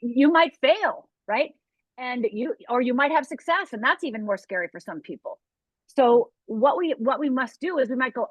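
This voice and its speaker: Woman coach guest, emphatic and voice-acting her examples, a bit high, dry lo-fi call sound. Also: animated, moderate pace, dry recording. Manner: emphatic, acts out inner voices, tags "right?". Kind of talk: interview conversation. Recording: dull lo-fi call audio.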